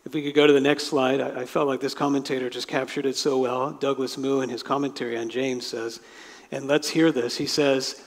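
A man's voice: mid-range voice, little pitch movement, a little fast. A man preaching a sermon as pastor, talking in a conversational way and explaining with asides. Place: church sanctuary. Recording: long reverb of a large hall.

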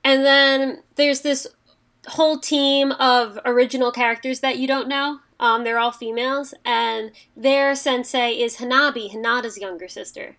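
A woman's voice: high voice, steady tone, normal speed, fairly bright tone. A woman co-hosting a casual podcast, rambling and chatty with frequent fillers. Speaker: podcast co-host. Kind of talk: casual chat.

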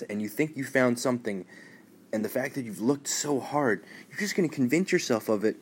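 A man's voice: medium pitch, a little fast, breathy edge. A man hosting a solo podcast, giving sarcastic, opinionated news commentary in a rambling way with many fillers and a tone he calls neutral. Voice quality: says his tone is neutral and flat. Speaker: podcast host.

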